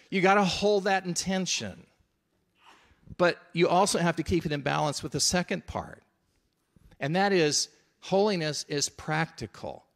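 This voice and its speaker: Man preaching, earnest and chatty, a bit higher voice. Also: a bit bright. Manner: earnest, conversational, emphatic. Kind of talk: sermon.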